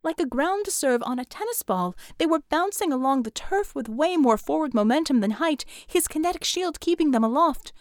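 A woman narrating an action-filled audiobook with a fairly high voice. Her reading is brisk and engaged. The recording is close and dry. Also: expressive, no echo. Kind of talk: scripted narration.

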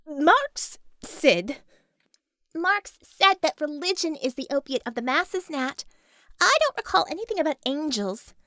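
A woman voicing a firm, caring female leader in a storybook, persuasive and steady. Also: high-pitched, moderate pace, dry recording, clean studio sound, pitched above the performer's own voice.

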